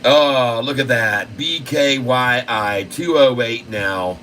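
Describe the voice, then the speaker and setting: A man hosting a stock market livestream, giving casual, excited commentary and talking to his viewers as folks. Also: mid-range voice, slow, a little hiss or hum, rough recording.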